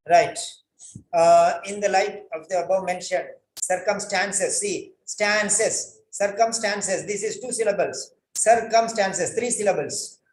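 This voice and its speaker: Male writing tutor, higher pitch, corrective and repetitive, recorded in a roomy space. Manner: corrective, repeats phrases, spells words out. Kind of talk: correcting a student's letter line by line.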